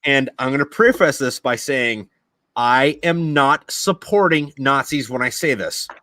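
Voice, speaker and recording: During a video podcast recording, this American host goes on a heated, profanity-heavy rant, stumbling and restarting in casual conversation. He speaks unhurriedly in a mid-range, sharp-toned voice, and the recording is dry.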